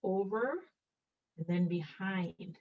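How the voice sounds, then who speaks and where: A woman's voice: fairly low pitch, takes it slowly. A woman teaching an online nursing class, quizzing students by name and joking about her own drawing. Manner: playful, self-mocking, quizzes students by name. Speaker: nursing instructor. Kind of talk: online lecture while drawing. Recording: distant, dull lo-fi audio.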